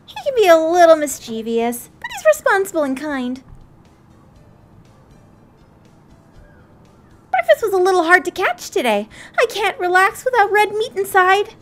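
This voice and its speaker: A woman voicing a bright, eager schoolgirl heroine. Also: extremely high pitch, big pitch swings, a little fast, few pauses, soft background music, pitched above the performer's own voice, full character voice. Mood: cheerful. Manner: bright, eager storybook narration. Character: cheerful, earnest young schoolgirl heroine. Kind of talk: reading a visual novel aloud.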